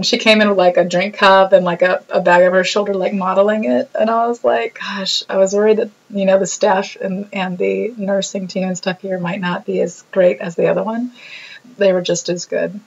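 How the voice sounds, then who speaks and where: A woman talking casually about her own hospital stay, telling stories with lively acted-out quotes. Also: moderate pace, vocal fry, lo-fi sound. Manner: animated storytelling, acts out quotes in a bubbly high voice. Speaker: vlogger reacting to her own video. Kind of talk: casual reflective chat.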